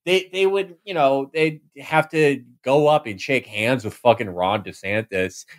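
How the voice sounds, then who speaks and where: A man's voice: mid-range voice, measured pace. A man, a podcast host, telling mocking comic stories in casual chat. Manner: animated storytelling, mocking.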